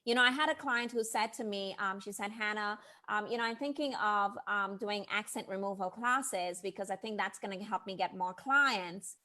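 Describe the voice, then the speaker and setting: A woman hosting an interview podcast as a brand coach, telling stories with lively quoted asides. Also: medium pitch, normal speed, few pauses. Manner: animated storyteller, quotes people in lively asides. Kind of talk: casual interview chat.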